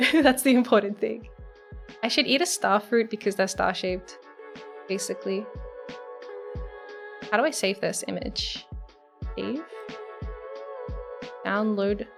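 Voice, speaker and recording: A woman's voice: medium pitch, takes it slowly, creaky, long pauses. A young woman streamer chatting casually and rambling through a story, with lots of fillers and giggles. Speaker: virtual streamer. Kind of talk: casual live-stream chat. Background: soft background music.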